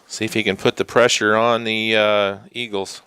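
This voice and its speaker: A man giving live play-by-play commentary on a youth soccer shootout, unhurried and sometimes hushed. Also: lowish voice, flat delivery, clear, resonant tone, no echo. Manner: unhurried, drops to a hushed whisper during tense kicks. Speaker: sports commentator.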